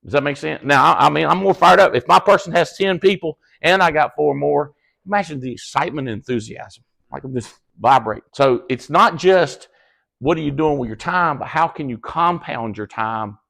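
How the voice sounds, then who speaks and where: Guy with a gravelly voice, kinda high, blunt folksy pep talk to his team, cusses and laughs a lot. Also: normal speed. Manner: animated storyteller, acts out quoted dialogue in high excited voices. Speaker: business leader speaking to his team. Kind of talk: casual motivational talk. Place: cabin event room with a live audience.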